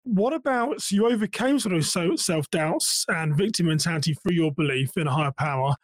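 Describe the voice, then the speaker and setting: A man's voice: fairly high pitch, a little fast, dry recording. A man hosting a podcast, asking rambling interview questions and repeating words as he forms them. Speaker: podcast host. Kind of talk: conversational interview.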